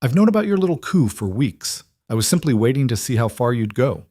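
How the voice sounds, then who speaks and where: A man voicing a ruthless king with ice powers who speaks quietly and commandingly. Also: medium pitch, very animated, fairly quick, pitched above the performer's own voice. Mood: menacing.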